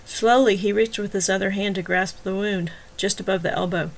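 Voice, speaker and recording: A woman reading a novel aloud in even, measured audiobook narration. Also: medium pitch, creaky.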